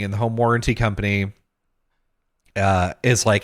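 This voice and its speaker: Animated man telling a story. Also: medium pitch, normal speed, pauses often. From Texas. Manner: animated, acts out quoted people, swears, laughs mid-story. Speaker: podcast host. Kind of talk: casual storytelling.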